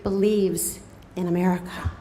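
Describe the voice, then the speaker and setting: This time the co-chair's voice is low and her delivery flat, yet she still rouses the cafe event-room crowd with drawn-out words and rising calls. The recording is echoey, with crowd murmur and background noise.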